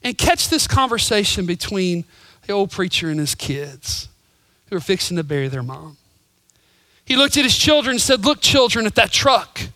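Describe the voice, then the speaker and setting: High-voiced dramatic preacher man. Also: sing-song, moderate pace, dry recording. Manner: dramatic, swings from loud emphasis to whispers; storytelling with voices. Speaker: pastor. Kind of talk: sermon.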